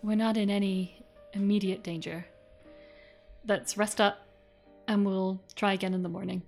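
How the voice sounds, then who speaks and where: A woman's voice: medium pitch, steady tone, normal speed, gravelly, a little mellow, soft background music. A woman playing a character in a tabletop game, speaking in an earnest, reassuring way. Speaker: player. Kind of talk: casual chat in character.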